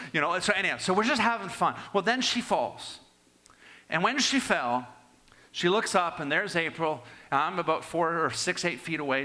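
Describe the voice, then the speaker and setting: An older man preaching a sermon and telling personal stories, swinging between raised and hushed delivery. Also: a little high.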